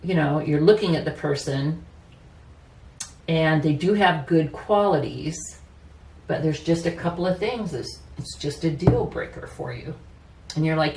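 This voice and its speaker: Her voice is deep, a little mellow and unhurried. She's a tarot reader doing a casual reading, personal and talkative, with easy laughter and frequent "you know"s. There's a touch of hiss or hum, and the distant mic picks up roomy echo and faint ambience.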